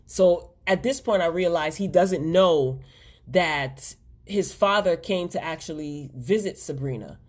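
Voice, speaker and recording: A woman's voice: on the low side, measured pace. Chatty exasperated woman recapping a show. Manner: chatty and exasperated, talks straight to viewers. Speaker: TV episode recap host. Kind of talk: casual spoken episode review.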